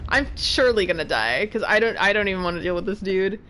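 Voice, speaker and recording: A woman's voice: mid-range voice, animated, fast, noisy background. A woman streamer chatting casually while playing a video game at home and talking to her cat. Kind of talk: casual gameplay commentary. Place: home room.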